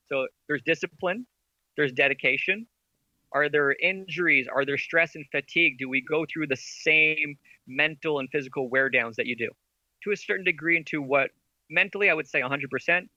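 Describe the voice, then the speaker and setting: A man's voice: medium pitch, moderate pace, bright, forceful tone, no room sound, highs cut off. A man, a podcast guest who founded an esports team, talks in an enthusiastic, rambling way and argues through rhetorical questions. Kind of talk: casual interview chat.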